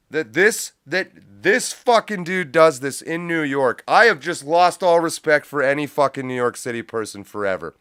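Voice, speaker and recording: A man's voice: a little high, animated, moderate pace, hardly any pauses, fairly bright tone, clear, resonant tone, no echo, clean studio sound. Blunt, profane man ranting on a live stream. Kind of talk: profane live reaction commentary. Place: home studio with a cat nearby. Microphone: studio mic with pop filter.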